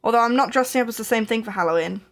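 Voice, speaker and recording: A young woman chats on a home crafting live stream and tells a winding story. She starts sentences over and over and giggles often. Her talk stays relaxed and easygoing throughout. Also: fairly high pitch, rapid-fire. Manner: chatty, rambling, giggly, with many restarts. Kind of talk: casual storytelling chat.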